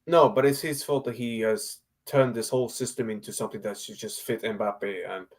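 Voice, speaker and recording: A man's voice: lowish voice, fairly even intonation, normal speed. Blunt, exasperated man ranting about football. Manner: frustrated, blunt, swears, rhetorical questions. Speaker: football podcast co-host. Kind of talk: heated casual football debate.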